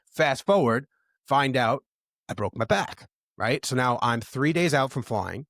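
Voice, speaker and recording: A man's voice: mid-range voice, animated, a little slow, a bit bright, no echo, studio quality. A man on a podcast, telling candid stories in a casual, profane way. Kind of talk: casual chat.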